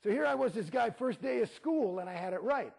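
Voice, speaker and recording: Gravelly, husky-voiced man, blunt and profane. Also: very high-pitched, animated, fairly quick, a little mellow. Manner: blunt and profane, rambling with restarts. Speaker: interviewee. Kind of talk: candid interview storytelling.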